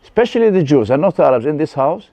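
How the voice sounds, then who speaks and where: A man with an Arabic accent, a guest telling his life story in halting English with many restarts. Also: fairly high pitch, sing-song, dark tone, dry recording. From West Bank. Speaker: interview guest.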